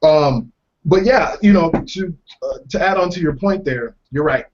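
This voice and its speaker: Man, podcast host, fairly high voice, dull lo-fi sound, joking banter. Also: unhurried, darkish tone. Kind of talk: casual political chat.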